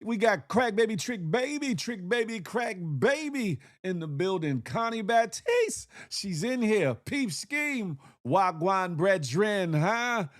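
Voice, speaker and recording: A man hosting a casual livestream, shouting out viewers by name in slangy, animated talk with lots of repeated phrases and "huh?". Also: high voice, takes it slowly, few pauses. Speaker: livestream host.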